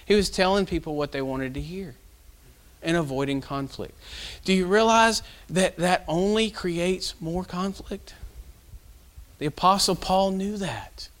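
Brief: male pastor, folksy conversational sermon, slightly high voice. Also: unhurried. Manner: folksy, conversational storytelling with fillers.

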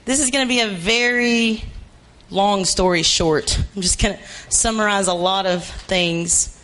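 A woman preacher delivers a sermon with repeated, hammering phrases. She often climbs to a near shout to press home her points. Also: mid-range voice, measured pace. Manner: emphatic and repetitive, rising to shouts.

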